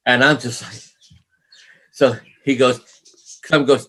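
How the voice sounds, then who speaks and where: A middle-aged man from New York, a musician recounting old stories in an interview. He talks in a medium register and slips into other people's voices as he tells it. His delivery is expressive, with frequent laughs. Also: mid-range voice, drawn-out words, pauses often. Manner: animated storyteller, acts out quoted voices, laughs often. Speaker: guest musician. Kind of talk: storytelling interview.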